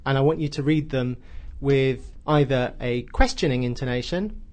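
A man's voice: medium pitch, moderate pace, darkish tone. A man hosting a radio grammar lesson in an upbeat, encouraging way.

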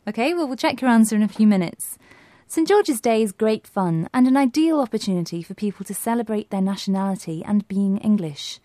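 A woman with a mellow, warm tone hosts a scripted lesson, asking quiz questions and explaining terms clearly. The recording is dry and close. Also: mid-range voice, animated, brisk, no echo. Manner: clear, quizzing. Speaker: co-presenter. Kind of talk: scripted educational podcast.

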